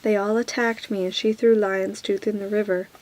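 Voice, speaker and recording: A woman's voice: mid-range voice, level tone, normal speed, lightly acted, low-quality recording. A woman voicing a spoiled, lying boy prince in a whispered role-play. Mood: petulant. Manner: soft whisper.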